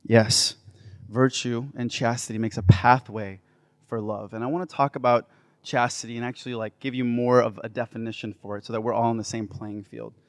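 A man giving a faith talk to a live audience, playful and building to loud, enthusiastic bursts. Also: medium pitch, fairly even intonation, brisk, no echo. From United States. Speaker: Catholic speaker.

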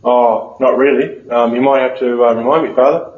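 A man's voice: mid-range voice, steady tone, normal speed, voice pushed down, lightly acted. A hesitant young man, put on by a male priest, mumbles his answers in a dropped, sheepish voice. The sound is dull and echoey, as if from a reverberant church.

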